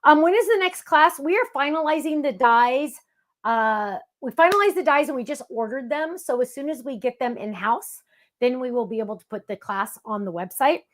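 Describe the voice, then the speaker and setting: A woman's voice: high voice, animated, moderate pace. A middle-aged woman hosting a craft show, chatting casually in a bubbly, gushing way. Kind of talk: casual livestream chat.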